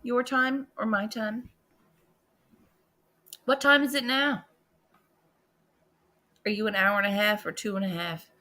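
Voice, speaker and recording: A woman hosting a casual livestream, excitable and chatty, jumping from loud exclamations to quiet muttering. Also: fairly high pitch, measured pace, long pauses. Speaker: livestream host.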